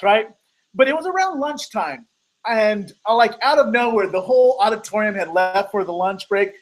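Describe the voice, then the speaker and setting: Man, motivational speaker, storytelling, acts out quotes with big pitch jumps, repeats words as he builds up. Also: a bit bright, poor audio. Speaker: motivational speaker hosting a weekly live call.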